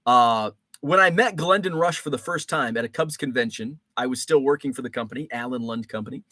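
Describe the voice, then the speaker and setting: A man's voice: medium pitch, brisk, pushed and bright, no room sound, studio quality. A man hosting a casual live stream, greeting viewers from the chat and telling rambling stories full of fillers and restarts.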